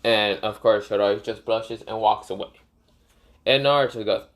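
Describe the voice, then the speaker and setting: A man's voice: fairly low pitch, normal speed, fairly bright tone. A man casually retelling a fan story, rambling with many fillers and self-corrections.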